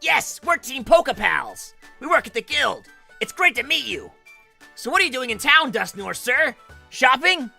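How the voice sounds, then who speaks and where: Guy doing a chipper little monkey explorer, bouncy lively voice. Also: very high-pitched, moderate pace, vocal fry, soft background music, voice pushed up, exaggerated voice. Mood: cheerful. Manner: cheerful, polite, raised put-on voice. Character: eager young male fire monkey explorer.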